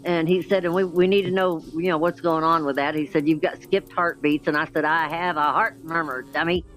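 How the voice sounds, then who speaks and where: Casual older lady, 60s, telling a story and doing all the voices, bit of quiet music in the back. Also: deep voice, fairly quick, rough recording. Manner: lively storyteller acting out quoted dialogue. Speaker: chat participant. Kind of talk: casual chat.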